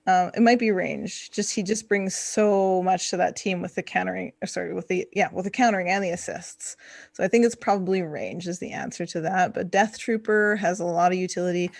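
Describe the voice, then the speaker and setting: A woman's voice: lowish voice, fairly even intonation, fairly quick, gravelly, darkish tone, no room sound. A woman chatting playfully on a live gaming stream and laughing often while she answers questions. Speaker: guest streamer from a gaming channel. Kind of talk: casual stream chat.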